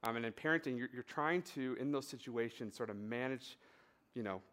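A pastor with a medium-pitched voice preaches briskly in a relaxed, easygoing way, drifting into a personal story with casual fillers. He drives his points home through emphatic, rhythmic repetition.

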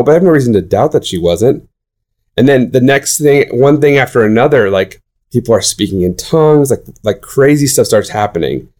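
A young man in casual conversation, telling animated stories with many fillers and restarts. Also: medium pitch. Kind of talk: casual chat.

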